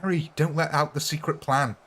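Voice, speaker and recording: A man's voice: on the high side, steady tone, fairly quick, a bit bright. A young man streaming a strategy game live, chatting jokily with his viewers. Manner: jokey, chatty, giggly. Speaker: gaming livestreamer. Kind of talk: live game commentary with chat.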